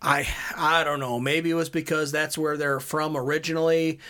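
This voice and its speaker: Hesitant man, slightly high voice. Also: flat delivery, normal speed, bright, forceful tone. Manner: hesitant, many fillers. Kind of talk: casual chat.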